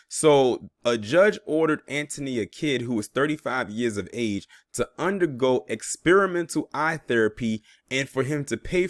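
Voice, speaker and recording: In his early thirties, a commentary YouTuber reads news reports aloud and reacts with emphatic, incredulous disbelief, drawling when outraged. His medium-pitched voice is recorded at studio quality with no room sound.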